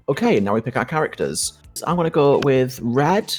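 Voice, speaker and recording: Woman hosting a gaming stream, voice all over the place, reads the game text out loud, bit of music behind. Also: rumbling low, brisk, few pauses. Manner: lively, playful, reads out game narration. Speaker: host. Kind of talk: reading game text aloud with friends.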